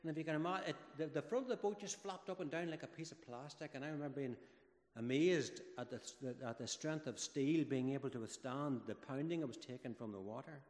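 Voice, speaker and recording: A man giving a children's talk during a church service, telling the story with lively, dramatic build-ups. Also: fairly high pitch, fairly quick. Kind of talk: children's sermon. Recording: echoey church hall with long reverb.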